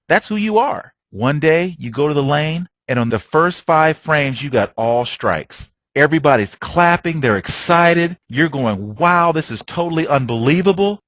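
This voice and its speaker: On a dry recording, a man with a fairly bright voice on the high side gives travel agents a preachy, motivational sales training. He leans on stories and keeps asking rhetorical questions.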